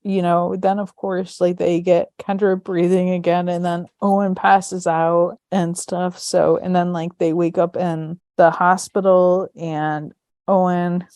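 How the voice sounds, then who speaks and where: Chatty woman podcast host, mellow tone. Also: on the low side, little pitch movement, measured pace, no echo, clean studio sound. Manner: chatty, heavy use of "like", acting out quoted lines. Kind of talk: casual episode recap.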